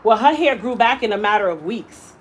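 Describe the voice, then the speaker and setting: Animated woman telling a salon story. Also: fairly high pitch, a little fast, slight background noise, poor audio. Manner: animated, emphatic storyteller who acts out quotes. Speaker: hairstylist, salon owner. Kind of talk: casual storytelling to a client. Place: hair salon.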